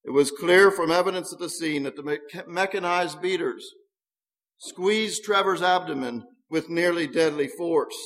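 A man's voice: fairly high pitch, fairly bright tone. A man reading a story aloud, earnest, with occasional small stumbles over words. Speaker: narrator. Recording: long hall reverb.

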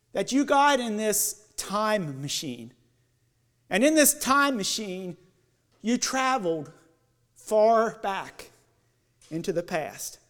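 A man giving an evening sermon as a lay preacher, leading listeners through guided imagery that builds and then softens. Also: extremely high pitch. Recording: long church hall reverb.

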